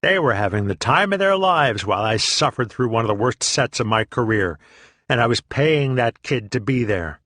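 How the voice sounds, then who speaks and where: A man's voice: medium pitch, expressive, moderate pace, fairly bright tone, dry recording, studio quality. A man reading a first-person memoir aloud in a profane, sardonic, self-deprecating way. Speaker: audiobook reader.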